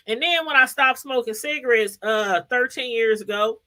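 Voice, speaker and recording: Addressing her viewers directly, this middle-aged YouTube commentary host has a high, bright, forward voice with a lilt and a moderate pace. She's chatty and lively, rambling, laughing often, and calling out people by name.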